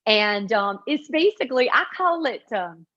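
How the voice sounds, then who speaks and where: A woman with a flat, nasal upstate South Carolina Appalachian accent, chatting in an interview with lots of fillers and restarts. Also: fairly high pitch, unhurried, highs cut off. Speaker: author and comedy creator. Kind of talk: interview answers.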